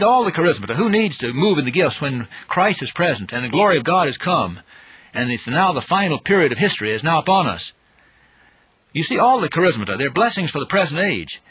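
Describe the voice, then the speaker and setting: A man's voice: a little high, fairly bright tone, husky, lo-fi sound. A man giving a Bible teaching, emphatic, his voice rising on rhetorical questions.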